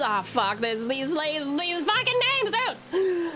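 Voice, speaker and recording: A young woman chats warmly with her viewers while she plays a game, calling them honey and cursing casually. Her voice is high and highly animated. Game music plays clearly underneath. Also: slow. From Tasmania, Australia. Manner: bubbly, affectionate, swears casually. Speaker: streamer. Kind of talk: live game stream chat.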